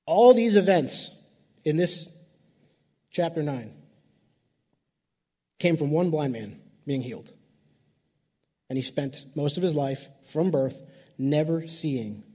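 A man's voice: fairly high pitch, animated, slow pace, long pauses, warm tone, big-room sound, muffled recording. A man preaching a sermon in a conversational way, repeating words and adding playful asides. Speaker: pastor.

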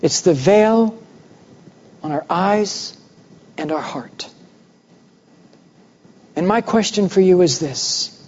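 A man preaching a sermon, telling a personal story with animated voices for the people in it. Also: high voice, slow, long pauses, a little hiss or hum. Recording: muffled recording with long hall reverb.

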